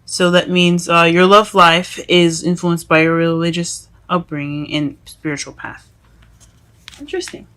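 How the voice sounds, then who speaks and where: A woman giving a casual tarot reading to her viewers, halting and self-correcting as she goes, often calling them "guys". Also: on the low side, little pitch movement, a bit bright. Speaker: tarot reader.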